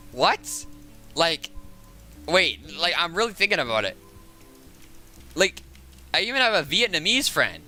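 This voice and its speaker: Young Southern male streamer, very bright voice, lively swooping pitch, rambling casual chat. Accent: Southern American. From Southern United States. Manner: rambling, chatty, laughs often. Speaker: game streamer.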